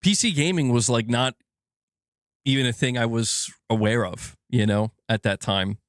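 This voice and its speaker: A man's voice: mid-range voice, moderate pace, dry recording, clean studio sound. Frustrated man ranting on a livestream. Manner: frustrated, swearing, many restarts and fillers. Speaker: gaming channel host. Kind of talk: casual livestream rant.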